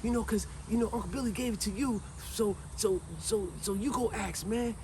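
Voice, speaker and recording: A man's voice: high-pitched, moderate pace, noisy background, pitched above the performer's own voice. Young boy cousin, nervous, stammering, put on by a man. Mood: coaxing. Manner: stammering, coaxing.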